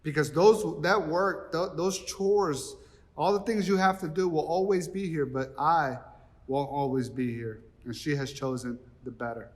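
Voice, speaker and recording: A man voicing Jesus as a calm, gentle grown man who speaks softly and reassuringly. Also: a little high, unhurried, in a large hall, lightly acted.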